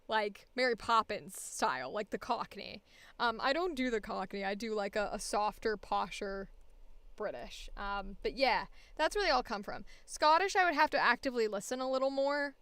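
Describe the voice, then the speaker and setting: Chatty woman streamer, smooth clear voice. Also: fairly high pitch, a bit bright, no echo. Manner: rambling, many fillers and restarts. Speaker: voice actor streamer. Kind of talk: casual livestream chat.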